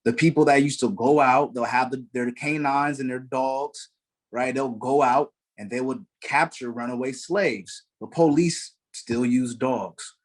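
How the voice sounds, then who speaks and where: Male panelist, mid-pitched, earnest and impassioned, lots of fillers, video call audio. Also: a little slow. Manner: earnest, passionate, with frequent fillers and short laughs. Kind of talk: online panel discussion.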